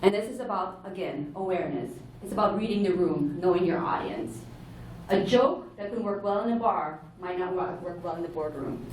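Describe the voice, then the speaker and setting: This conference speaker has a fairly low, dark-toned voice and talks at a normal speed in an animated way. She explains things earnestly to a large hall, now and then correcting herself mid-sentence. She's far from the mic, with echo and a little hiss or hum.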